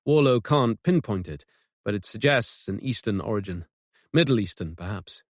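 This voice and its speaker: Dry, measured male audiobook narrator. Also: on the low side, expressive, no room sound. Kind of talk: scripted narration.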